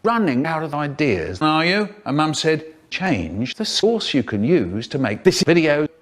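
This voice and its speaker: A man's voice: big pitch swings, a little slow, soft background music. A man doing a rambling old storyteller poet. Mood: absurd. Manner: rambling nonsense anecdotes, sudden pitch jumps. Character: impression of an elderly male children's poet, storyteller. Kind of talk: parody storytelling.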